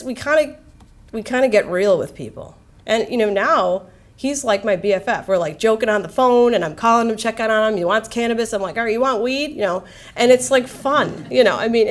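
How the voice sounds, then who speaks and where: A woman physician giving a medical lecture in a casual, candid, lively way, full of slang and asides. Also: medium pitch. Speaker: palliative care physician.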